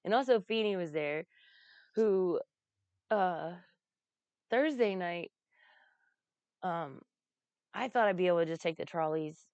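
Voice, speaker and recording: Woman, low smooth voice, rambling casual story, laughs a lot, swears, dull dry lo-fi recording. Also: animated, slow, pauses often, a little mellow, no room sound. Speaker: vlogger recounting a comedy festival.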